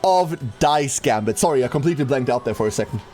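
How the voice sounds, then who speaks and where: Lively male streamer. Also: mid-range voice, fast talker, soft background music. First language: German. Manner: chatty, talks to chat. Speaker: game streamer. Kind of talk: casual livestream chat.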